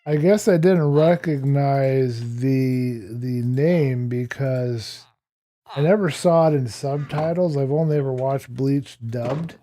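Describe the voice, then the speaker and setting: Slow-talking man with a dark, mellow voice. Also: medium pitch. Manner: chatty, talks to game characters, chuckles often. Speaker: streamer. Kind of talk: casual gameplay commentary.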